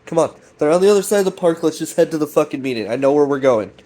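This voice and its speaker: A man doing a hushed, bossy young woman. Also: a little high, expressive, very fast, lightly acted. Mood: urgent hush. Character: young woman hissing urgent orders.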